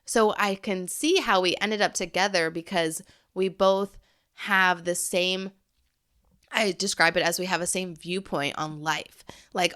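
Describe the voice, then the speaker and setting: A woman's voice: on the low side, pushed and bright. A woman in her thirties hosting a solo podcast, speaking earnestly and encouragingly and addressing listeners directly. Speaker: podcast host. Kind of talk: heartfelt solo podcast talk.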